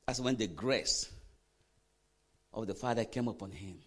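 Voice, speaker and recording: A man preaching a sermon, quizzing the congregation with questions and swinging from quiet asides to loud emphatic bursts. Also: on the low side, unhurried, breathy edge. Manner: animated preaching, call-and-response questions to the congregation. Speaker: pastor.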